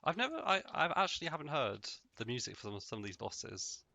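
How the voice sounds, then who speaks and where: A man's voice: medium pitch, fairly quick, vocal fry, no echo. A man giving casual, rambling, jokey commentary while playing a video game on a close mic. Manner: rambling, jokey, deadpan asides. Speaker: let's play host.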